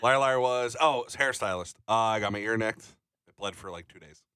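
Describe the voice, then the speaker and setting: A man's voice: fairly low pitch, a little fast, bright, forceful tone, smooth, no room sound, clean studio sound. A man in his thirties co-hosting a radio show, chatting in a rambling, jokey way that keeps interrupting itself. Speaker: radio co-host. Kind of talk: casual morning-show banter.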